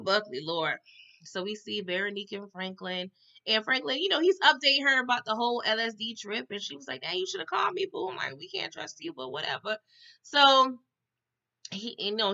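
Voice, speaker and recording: A woman chatting through a TV episode recap in a loose, slangy way. Her voice sits a bit high and comes across very bright and forceful. The audio is a little dull and lo-fi. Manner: animated, slangy, talks straight to her viewers. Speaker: TV recap host. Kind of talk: casual recap vlog.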